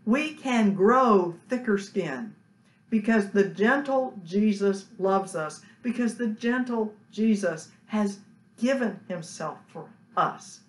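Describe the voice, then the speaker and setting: A woman preacher giving a slow, earnest sermon, letting phrases trail off into soft, hushed endings. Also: mid-range voice, expressive. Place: church sanctuary. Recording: echoey church room.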